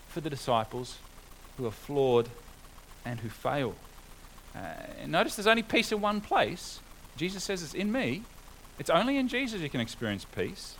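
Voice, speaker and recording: A man's voice: on the high side, fairly bright tone, slight background noise, rough recording. Earnest male preacher delivering a sermon. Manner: earnest, rising to emphatic exhortation with rhetorical questions.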